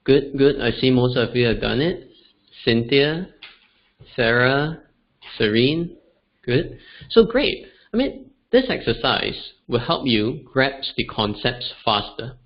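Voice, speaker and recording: A man from Singapore teaches a beginners' online language webinar, demonstrating tones aloud. He speaks slowly at medium pitch with lively intonation, over dull lo-fi webinar audio.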